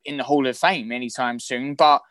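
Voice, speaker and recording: A man with a London accent, a guest actor chatting in a rambling, halting way with many restarts. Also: mid-range voice, a bit bright, no echo. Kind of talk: casual chat.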